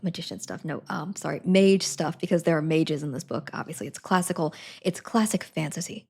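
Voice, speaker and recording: A woman's voice: low voice, fairly quick, vocal fry, few pauses, a little mellow, breathy edge. A young woman streaming a casual book review, rambling and self-correcting with frequent giggles.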